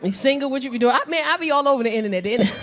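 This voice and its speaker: Brash woman comedian, lively high voice. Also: racing, noisy background. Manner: brash, crowd work, acts out voices. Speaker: stand-up comedian. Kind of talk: stand-up comedy. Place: comedy club stage with audience. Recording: live club with crowd laughter.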